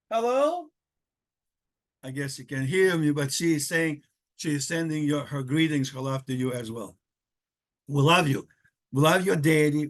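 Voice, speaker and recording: An older man from Israel speaks gently to his grandchildren in a home video message. He is warmly affectionate and rambles, restarting words as he goes. His voice sits somewhat high for a man.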